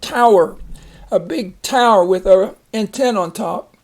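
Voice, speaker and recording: Slow, deliberate phonics teacher, man. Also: high-pitched. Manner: slow, deliberate, repeats each word and splits syllables. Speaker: reading teacher. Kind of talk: phonics lesson, reading word lists with example sentences.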